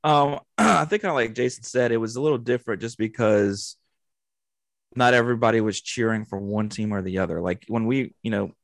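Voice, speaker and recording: Gravelly low male co-host, dry sound, easygoing talk. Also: a little fast, no room sound. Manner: relaxed, talks in loose run-on clauses. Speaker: podcast co-host. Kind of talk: casual sports chat.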